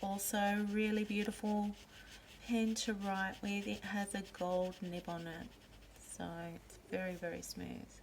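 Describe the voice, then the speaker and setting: A woman hosting a pen and ink video, calmly naming each pen and ink as she shows them. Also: mid-range voice, slight background noise. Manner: gentle, unhurried, pausing to name each pen. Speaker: pen and ink channel host. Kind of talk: slow show-and-tell narration.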